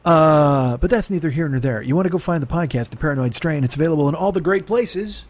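A man's voice: on the high side, fast, a little mellow. A man hosting a comedy podcast, rambling in circles with self-mocking, profane asides. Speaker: podcast host.

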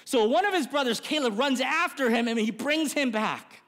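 A man's voice: very high-pitched, expressive, moderate pace, fairly bright tone. A man preaching a sermon as pastor in a church, earnest and rising to impassioned appeals. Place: church sanctuary. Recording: reverberant church hall.

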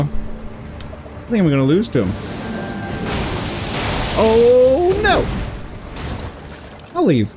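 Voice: medium pitch, background noise. A video game streamer giving playful let's play commentary, giggling, humming and chatting with enemies. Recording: game music playing behind.

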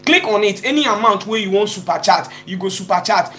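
A man's voice: high-pitched, lively intonation, fairly quick, pushed and bright, slight background noise. Chatty man hosting a live stream. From Ghana. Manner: chatty, switches between Pidgin and English, greets viewers by name. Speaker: YouTube live-stream host. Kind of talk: casual live-stream chat. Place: in Italy.

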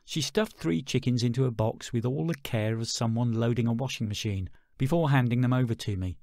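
A man's voice: mid-range voice, a little fast, darkish tone, no echo, studio quality. A man narrating his own memoir as an audiobook in a wry, self-deprecating way. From England.

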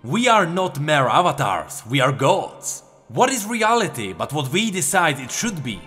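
A man's voice: fairly high pitch, sing-song, measured pace, sharp tone, breathy edge, soft background music, exaggerated voice. A man playing a grandiose, hectoring god. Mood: impassioned. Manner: hectoring, impassioned.

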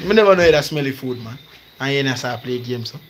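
A man's voice: medium pitch, lively intonation, fairly quick. A man with a Jamaican accent chatting casually in laid-back patois as a livestream host. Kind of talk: casual chat. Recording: noisy background.

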